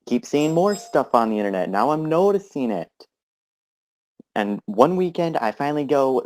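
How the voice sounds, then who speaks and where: A man in a casual group voice chat telling how he became a fan, relaxed, with fillers, acting out his own thoughts. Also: fairly high pitch, normal speed. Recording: voice chat over headset mic.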